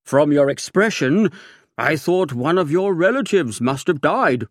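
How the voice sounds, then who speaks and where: Brief: man voicing an upright, humorless secretary, raised a little in pitch, solemn and serious. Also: lively intonation, measured pace, dry recording, clean studio sound. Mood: grave. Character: earnest, upright male secretary, grave and dutiful.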